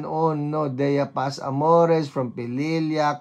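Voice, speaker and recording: Slow, chatty Filipino woman host. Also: low voice, fairly even intonation, darkish tone, lo-fi sound. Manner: chatty and playful, tries out foreign greetings. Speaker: host of an online church program. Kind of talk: reading out viewer greetings, Taglish chat.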